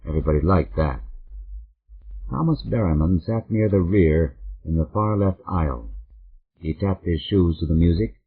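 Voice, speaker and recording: A man reads a mystery novel in a steady, measured voice, low in pitch and husky. The sound is narrow and phone-like. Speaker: audiobook narrator. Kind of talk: scripted narration.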